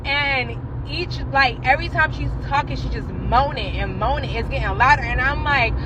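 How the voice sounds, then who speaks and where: A woman telling a casual storytime about an odd work call, animated and laughing, with slang. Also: high-pitched, normal speed, hardly any pauses, noisy background.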